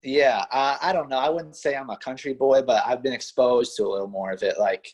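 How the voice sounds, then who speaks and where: A man's voice: mid-range voice, a little fast, darkish tone. A young man from western Pennsylvania with a Pittsburgh accent blended with Midwest speech, chatting modestly as an interview guest with lots of "you know" and "like". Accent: Pittsburgh mixed with Midwest. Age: young adult. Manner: easygoing, modest, filler-heavy with many "you know" and "like". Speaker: college wrestler guest. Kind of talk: casual interview chat.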